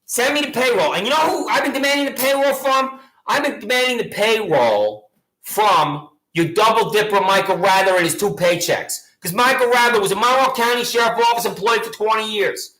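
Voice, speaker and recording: A man rants at a sheriff in a mocking, badgering tone and keeps repeating his taunting questions. His voice sits very high and sounds sharp and bright. The room around him is echoey. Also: a little fast. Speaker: local gadfly taunting a sheriff. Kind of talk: ranting monologue addressed to a sheriff.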